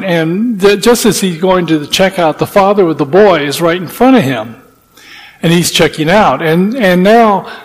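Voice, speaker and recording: A man's voice: sits high, long reverb tail, low-quality recording. A man giving a sermon, telling stories in a folksy, rambling way with frequent restarts. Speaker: preacher. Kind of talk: sermon with storytelling.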